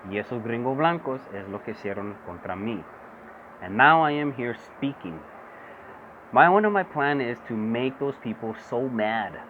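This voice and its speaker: A man's voice: mid-range voice, animated, normal speed. Impassioned man on a tinny phone recording. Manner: impassioned, repetitive, switches between English and Spanish. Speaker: vlogger. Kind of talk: political monologue. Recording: tinny phone-quality audio with buzzing insect noise.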